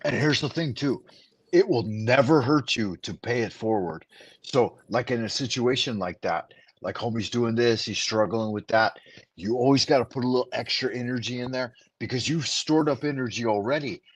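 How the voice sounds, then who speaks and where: A man's voice: medium pitch, slightly rough, dry recording. A man hosting a casual chat, giving a profane, rambling pep talk over a remote call. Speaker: host.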